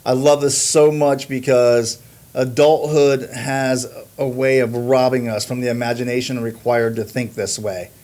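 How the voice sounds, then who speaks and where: A man's voice: mid-range voice, little pitch movement, a little slow, darkish tone. A man hosting a watch review, narrating in a scripted, earnest and admiring way. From United States.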